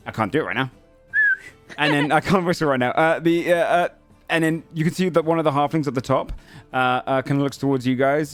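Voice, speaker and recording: A man narrating a tabletop game as game master. He rambles, leaning on fillers. Soft music plays faintly behind him. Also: medium pitch, creaky.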